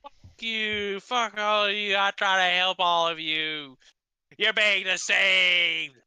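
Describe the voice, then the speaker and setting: A man's voice: sits high, steady tone, slow, pushed and bright, smooth, dry recording. A man playing a tabletop game, brash and outspoken in character. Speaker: player.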